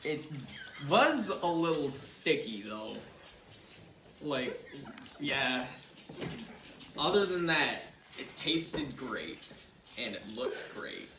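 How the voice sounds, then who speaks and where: A man judges homemade bakes at a slow, halting pace, pausing with ums before each point. His voice rings in an echoey room with clear noise behind it. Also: a little high, very animated. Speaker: judge on a home baking show. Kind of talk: casual judging chat.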